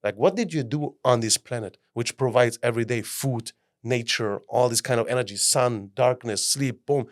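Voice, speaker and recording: A man's voice: medium pitch, normal speed. A man from Greece, a guest mentor giving a passionate motivational podcast talk in English, often acting out the voices of people he quotes. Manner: non-native phrasing.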